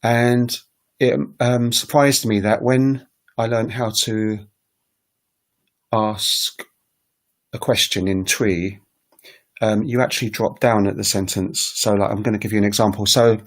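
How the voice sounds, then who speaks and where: A man's voice: fairly low pitch, little pitch movement, unhurried, pauses often. A man teaching on a casual livestream, talking in a rambling, hesitant way with many fillers. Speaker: language teacher and recorder player. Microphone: webcam livestream setup.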